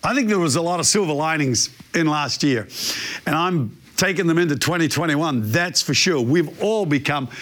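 A man preaching a sermon, telling a story in a lively, animated way. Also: fairly high pitch, normal speed. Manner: animated storyteller, imitates barking dog. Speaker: pastor.

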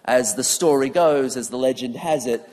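A man's voice: mid-range voice, normal speed. A man preaching a sermon that mixes scripture and neuroscience, telling stories with humor and acting out what people say. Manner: animated storyteller who acts out quotes with humor. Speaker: preacher and speaker. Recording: long hall reverb.

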